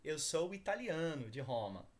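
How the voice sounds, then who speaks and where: A man's voice: on the high side, very animated, moderate pace. A man reading a textbook dialog, voicing Antonio, an Italian man traveling, in his own voice. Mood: friendly.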